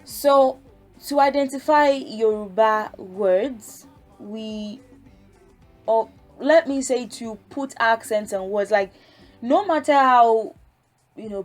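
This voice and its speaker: A woman teaching a language lesson, patiently explaining step by step and sounding out syllables. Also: mid-range voice. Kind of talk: casual spoken lesson.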